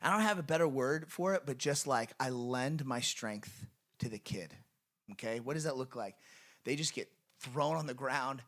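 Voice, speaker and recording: A man's voice: mid-range voice, normal speed, a bit bright. A man preaching a sermon in a church in an earnest, conversational way, with lots of fillers. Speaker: pastor. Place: church sanctuary.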